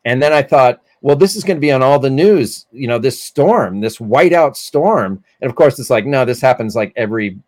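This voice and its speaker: A man's voice: medium pitch, lively intonation, moderate pace, hardly any pauses, darkish tone, no echo. A man chatting as a podcast guest, telling stories animatedly and bursting into put-on voices. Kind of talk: casual chat.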